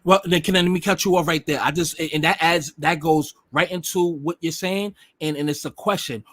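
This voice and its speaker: A man's voice: a little high, steady tone, a little fast, a bit bright, dry recording. A man hosting a live online interview, casual and chatty, often murmuring agreement. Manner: casual, agreeing with short backchannels. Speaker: host of an online interview show.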